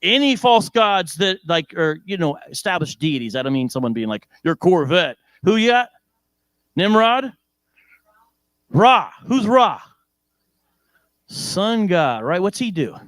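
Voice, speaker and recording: A male preacher with an American accent giving a lively sermon in church, joking and asking the congregation questions. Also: high voice, a little slow, long pauses, dry recording.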